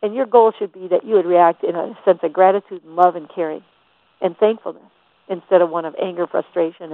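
A woman's voice: lowish voice, moderate pace, no room sound. A woman giving a faith-based motivational talk, emphatic and full of rhetorical questions. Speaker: motivational teacher. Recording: tinny phone-like dry sound.

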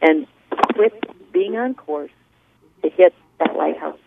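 A woman's voice: low-pitched, slow pace, creaky, very noisy. A woman leading a motivational class on a conference call, earnest and preachy as she tells stories. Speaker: class leader and coach. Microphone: phone. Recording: tinny phone line.

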